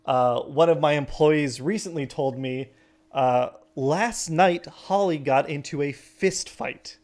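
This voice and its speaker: Gossipy high-society mom, shrill and loud, done by a man. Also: takes it slowly. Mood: doting. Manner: gushing, chatty, high-pitched and loud. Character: fussy doting upper-class mother, middle-aged woman.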